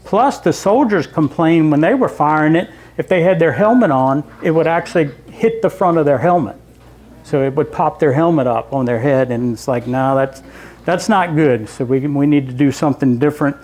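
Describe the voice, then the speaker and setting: A man's voice: on the high side, normal speed, a little mellow. Man giving a slide lecture. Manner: conversational, explains step by step with asides to the audience. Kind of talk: public history lecture with slides. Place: library lecture room.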